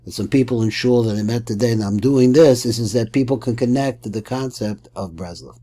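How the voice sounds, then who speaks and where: A man's voice: medium pitch, a little fast, warm tone. A man teaching a Torah class, reading a text aloud and explaining it with Hebrew terms.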